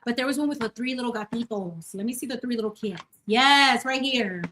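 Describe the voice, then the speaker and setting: A woman in her thirties with a slightly high voice chats casually while she bakes at home. She is effusive and gushing, greeting her viewers warmly by name. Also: fast, slight background noise. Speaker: channel host. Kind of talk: casual live-stream chat while baking. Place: home kitchen.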